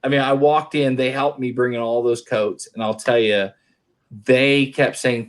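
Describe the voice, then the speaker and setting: A man's voice: medium pitch, fairly even intonation, normal speed. A middle-aged man from Oklahoma telling stories in casual chat, rambling and restarting his sentences. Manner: rambling storyteller, many restarts.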